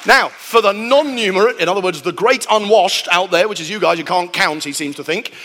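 A man giving a lively, animated talk to an audience, acting out sounds and voices. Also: high-pitched, fairly quick, a faint crowd, slight background noise. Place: hall with a live audience. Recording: long hall reverb.

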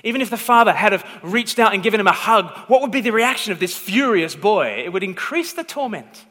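A man preaching a sermon with a high, bright, forceful voice. He tells a story emphatically and keeps pausing to check that his listeners are following. His words ring out with a long reverb from the hall. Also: animated. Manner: emphatic storytelling, repeated "okay?" check-ins.

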